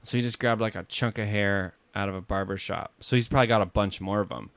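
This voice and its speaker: A man's voice: on the low side, fairly even intonation, fast, vocal fry, a bit bright, no echo. A man co-hosting a podcast, chatting casually and jokingly about movies, trailing off with fillers. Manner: rambling, jokey, trails off with fillers. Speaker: podcast co-host.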